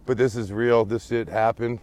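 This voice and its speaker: A man casually telling a story to friends in an animated, profane, emphatic way. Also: mid-range voice, normal speed. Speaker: storyteller in a group chat.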